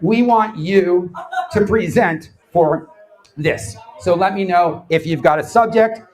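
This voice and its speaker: Lively man giving a lecture. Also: high-pitched, slow pace, poor audio. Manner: animated storyteller, mimics others' voices. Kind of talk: live comedic lecture. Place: bar event space before a live audience.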